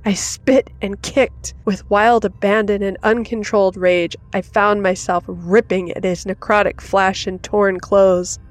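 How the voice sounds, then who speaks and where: A woman's voice: medium pitch, steady tone, a little slow, hardly any pauses. Narrator: woman, dramatic scripted horror reading, faint music underneath. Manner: dramatic, rising to intense in action.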